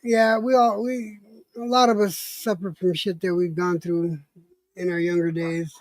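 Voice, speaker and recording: A man's voice: high-pitched, level tone, unhurried, no room sound. A man hosting a casual stream chat, joking and laughing, with profane banter.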